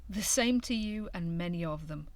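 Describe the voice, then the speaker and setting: A woman voicing a gentle, kind female rabbit in a storybook reading, calm and gracious. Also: on the low side, moderate pace, no room sound.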